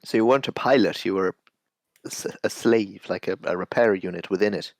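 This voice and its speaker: A man's voice: sits low, a little fast, creaky, dry recording. A man playing a tabletop role-playing game, speaking in a hesitant, stammering way. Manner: hesitant, stammering, laughing often. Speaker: player. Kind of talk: casual tabletop role-play.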